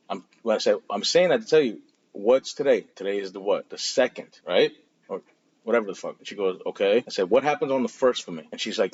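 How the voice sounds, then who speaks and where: A man co-hosting a podcast, telling a story in animated casual chat full of slang. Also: lowish voice, slightly rough. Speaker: podcast co-host. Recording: dull lo-fi audio with faint noise.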